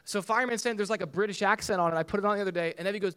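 A man in his thirties preaching a sermon as a pastor, talking conversationally and acting out quoted voices with big jumps in pitch. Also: very fast, fairly bright tone, smooth.

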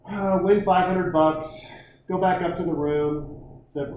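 A man's voice: high voice, fairly even intonation, slow pace, darkish tone, very echoey, a little hiss or hum, rough recording. A man telling a crude, rambling, self-mocking comic story and acting out the other people in it.

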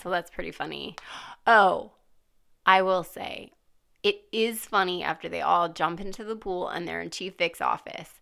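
Bright, clear-voiced chatty woman. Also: on the low side, normal speed. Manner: chatty, quotes characters in put-on voices. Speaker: podcast co-host. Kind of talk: casual chat reviewing a TV episode.

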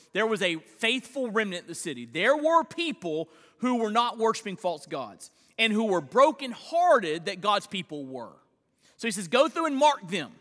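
Bright high-voiced man preaching. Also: long reverb tail. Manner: earnest preaching with repeated restarts, reading scripture aloud. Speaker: pastor. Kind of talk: expository sermon.

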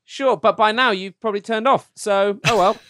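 A Scottish man co-hosting a comedy podcast, teasing and joking in deadpan banter. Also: high-pitched, moderate pace, a little hiss or hum. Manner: teasing, mock-serious jokes. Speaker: podcast co-host. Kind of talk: casual comedic chat.

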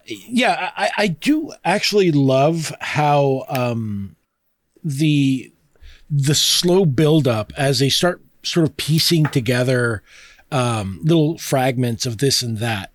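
A man's voice: mid-range voice, lively intonation, takes it slowly, no echo, clean studio sound. A man hosting a podcast in a casual, chatty way, reading passages aloud and laughing easily with plenty of fillers and restarts. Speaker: podcast host.

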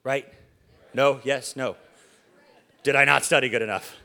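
A man's voice: mid-range voice, fairly even intonation, a little slow, gravelly, bright, forceful tone. A man preaching a casual, joking sermon from a church stage, chatty and playful, with stammered restarts and questions to the congregation.

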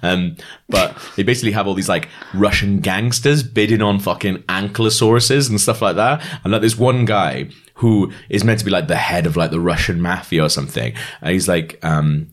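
A young man chatting casually as a podcast co-host, sweary and animated when he tells a story. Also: low voice, moderate pace, few pauses. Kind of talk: casual chat.

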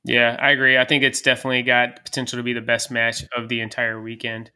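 A man's voice: medium pitch, monotone, quick pace, sharp tone, clear, resonant tone. A man co-hosting a wrestling podcast, chatting casually and steering the conversation. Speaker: podcast co-host. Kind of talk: casual chat.

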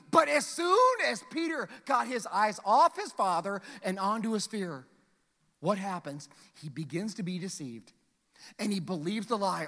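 A man preaching with a very high, bright voice that rings through a hall with a long reverb. He builds to loud, stretched-out calls, then drops into soft, hushed asides. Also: expressive, normal speed. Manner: dynamic preaching, swinging from loud calls to hushed near-whispers. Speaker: pastor. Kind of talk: sermon.

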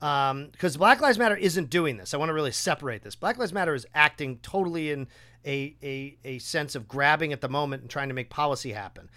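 A man hosting a podcast, chatting casually and acting out quotes with a raised, animated voice. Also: on the high side, fairly quick. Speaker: podcast host. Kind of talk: casual conversation.

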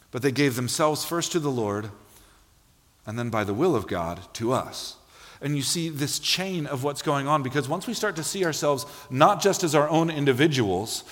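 A man preaching a sermon in a church, telling stories with lively, acted-out quotes. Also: fairly high pitch. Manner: animated storytelling, acts out quotes. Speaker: pastor. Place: church sanctuary. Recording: long hall reverb.

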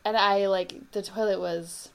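Woman, podcast host, mid-pitched voice, easygoing and giggly, faint background hiss. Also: fairly even intonation, unhurried. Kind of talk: casual phone chat.

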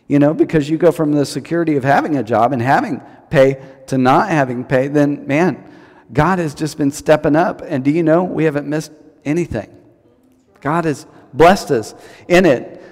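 A man's voice: on the high side, darkish tone, long reverb tail. A man preaching a sermon as pastor, telling stories and repeating key lines for emphasis. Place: church service.

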